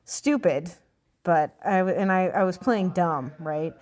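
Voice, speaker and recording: Woman vlogger, slightly low voice, blunt and scornful, reads an article aloud and picks it apart. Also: unhurried, a little mellow. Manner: blunt, sarcastic, profane ranting. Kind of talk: opinion vlog reading an article.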